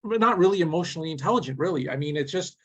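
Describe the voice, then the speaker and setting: A man's voice: on the high side, animated, racing, a bit bright, breathy edge. A man hosting a webcast conversation, posing long rambling questions to his guests. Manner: rambling, many fillers and restarts. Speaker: host.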